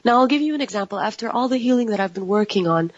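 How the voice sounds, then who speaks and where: Expressive woman on muffled audio. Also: medium pitch, very fast, no echo. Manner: expressive, intense, with frequent restarts. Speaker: panel co-host. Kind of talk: casual group discussion. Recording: dull lo-fi audio.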